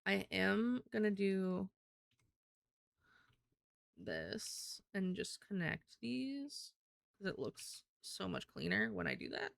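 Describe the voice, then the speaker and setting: A woman's voice: mid-range voice, huge pitch swings, slow, vocal fry, long pauses, no room sound, clean studio sound. A woman streamer chatting casually and thinking aloud while she draws. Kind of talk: casual live-stream chat while drawing.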